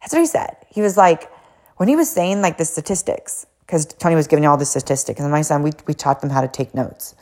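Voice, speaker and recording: A woman hosting a podcast, telling a story in a blunt, animated way with frequent fillers, casual swearing and acted-out quotes. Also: low voice, fast talker. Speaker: podcast host and coach.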